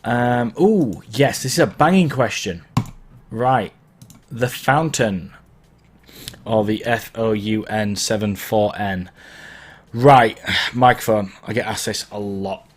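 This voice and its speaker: Low-voiced DJ answering live questions. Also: male voice, takes it slowly, slight background noise. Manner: chatty and encouraging, wanders and self-corrects. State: throat sore from hay fever. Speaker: DJ and online Q&A host. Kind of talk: live-stream Q&A, casual advice. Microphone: mic placed below the camera.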